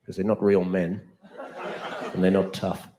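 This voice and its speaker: A man's voice: deep voice, completely flat delivery, unhurried, crowd noise, voice pushed down. A man voicing a stubborn, grumbling male mate with an Australian accent. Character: gruff blokey homophobic male mate. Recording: echoey club, loud laughter.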